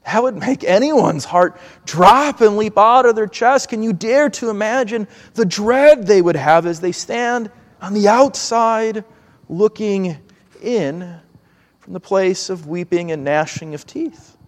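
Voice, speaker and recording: A man preaching a sermon in an earnest, measured way, now and then acting out pleading voices. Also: high-pitched, in a large hall.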